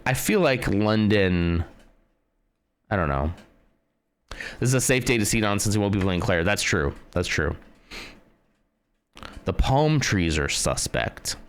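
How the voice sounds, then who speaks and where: Low voiced guy streaming, chatting w chat, voice goes up and down a lot. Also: smooth. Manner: chatty, thinks aloud, greets viewers by name. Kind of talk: casual live-stream chat while playing a guessing game.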